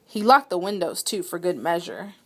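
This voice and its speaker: A woman reading a children's picture book aloud with expressive, dramatic storytelling. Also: on the low side, moderate pace. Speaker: read-aloud reader.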